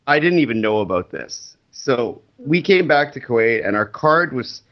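A man who is a teacher, telling a story in casual chat, animated and acting out the people he quotes. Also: mid-range voice, moderate pace, highs cut off.

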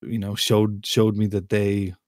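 Laughing, halting man in casual chat. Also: fairly low pitch, flat delivery, darkish tone, no room sound, clean studio sound. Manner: laughs often, halting restarts. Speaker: podcast host.

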